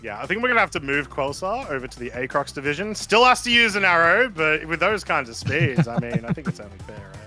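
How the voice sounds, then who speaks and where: Male esports co-commentator, bright, punchy tone, relaxed and explanatory, soft music behind. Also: a little high, quick pace, few pauses. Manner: explanatory, relaxed, laughs easily. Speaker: race co-commentator.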